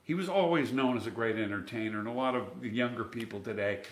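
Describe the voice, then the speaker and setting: A man's voice: mid-range voice, fast talker, roomy sound. A man being interviewed, telling chatty stories about his singing lessons and sometimes singing a line to show a point. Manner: chatty, sings phrases to demonstrate. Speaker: interview guest. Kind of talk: storytelling interview.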